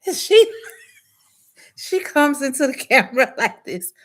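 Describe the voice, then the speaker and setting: A woman's voice: high-pitched, a little slow. A woman, animatedly telling her viewers a story and laughing often. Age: adult nursing student. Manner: animated, laughs often, Southern US dialect grammar. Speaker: livestream host.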